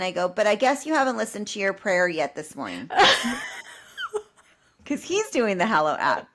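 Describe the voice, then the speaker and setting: A woman's voice: fairly low pitch, moderate pace. A middle-aged woman co-hosting a podcast, telling a home story with laughs and acted-out quotes. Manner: animated, laughing, acts out quoted dialogue. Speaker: podcast co-host. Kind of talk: casual storytelling chat.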